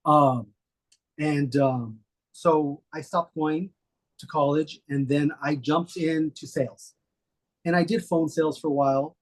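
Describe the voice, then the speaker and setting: A middle-aged man, a guest, telling stories in a relaxed, rambling way with many fillers. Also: fairly high pitch, measured pace. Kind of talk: casual storytelling interview.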